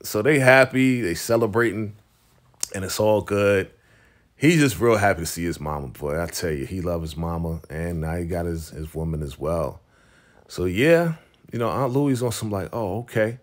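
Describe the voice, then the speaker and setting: Dude doing a chill tv recap, kinda low voice, lots of "you know" and "man", acts out the lines. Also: normal speed. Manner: animated retelling that acts out the characters' lines, with slang and fillers. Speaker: TV recap reviewer. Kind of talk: casual TV episode recap.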